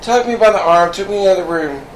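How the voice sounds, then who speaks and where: A man's voice: high voice, fast. A man with a slightly raised voice, telling a story in loose, chatty conversation. He addresses his listeners as "girl" and "y'all". His voice rings in a roomy space over faint noise. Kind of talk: casual chat.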